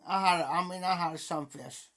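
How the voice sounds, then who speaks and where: A middle-aged man on a livestream tells a casual, rambling story that keeps circling back and repeating itself. His voice sits high and sounds bright and forceful at a normal speed.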